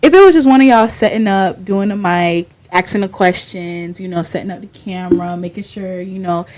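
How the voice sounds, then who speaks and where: Young female podcast guest, lively and slangy, fairly low voice, laughs a lot. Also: fairly quick. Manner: animated, laughs often, slangy. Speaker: guest, skincare business owner. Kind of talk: casual podcast interview.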